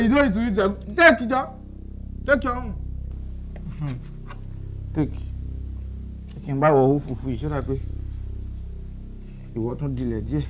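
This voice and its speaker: A man with a Nigerian accent playing a makeshift Santa in a comedy skit, loud, playful and rambling. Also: a little high.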